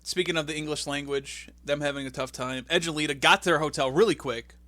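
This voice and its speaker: A man's voice: on the high side, fairly even intonation, fast talker, bright, forceful tone, dry recording. A man co-hosting a casual comedy podcast, chatting about a wrestling show and acting out scenes with silly voices. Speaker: podcast co-host. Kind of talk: casual comedic recap chat.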